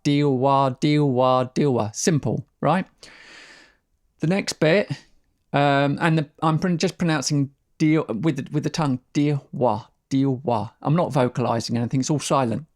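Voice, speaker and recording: Relaxed man teaching didgeridoo rhythms. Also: on the high side, measured pace. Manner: relaxed, rambling, with restarts and sounded-out syllables. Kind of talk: casual instructional explanation.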